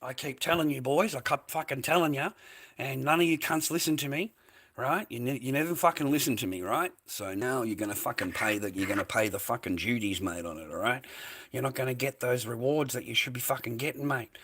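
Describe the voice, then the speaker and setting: A man's voice: mid-range voice, brisk, fairly bright tone, breathy edge. An Australian man chatting casually on a livestream from his kitchen at home, rambling and swearing freely while calling viewers mate and bro.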